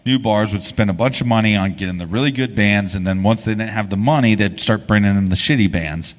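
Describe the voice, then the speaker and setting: A man co-hosts a live podcast before an audience. His low voice rambles casually, full of restarts and swearing. The hall adds a long reverb tail. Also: brisk. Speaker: podcast co-host. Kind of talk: live podcast storytelling on stage.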